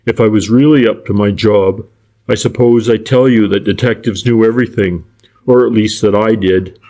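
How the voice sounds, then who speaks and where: A sly, furtive private detective, polite and deferential to a fault, who circles his point instead of making it, as a male audiobook narrator reads him. His voice sits low. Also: steady tone, moderate pace, warm tone, natural voice. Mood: civil. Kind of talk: audiobook character reading.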